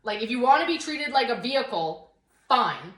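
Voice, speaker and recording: A woman's voice: a little high, very animated, moderate pace, a bit bright. A young woman co-hosting a casual podcast, ranting in a worked-up, sarcastic way with lots of "like". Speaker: podcast co-host. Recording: roomy echo.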